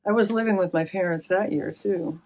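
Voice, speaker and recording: A woman's voice: lowish voice, brisk, crowd noise. A middle-aged woman telling stories in an oral history interview, acting out the voices of people she quotes. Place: public library.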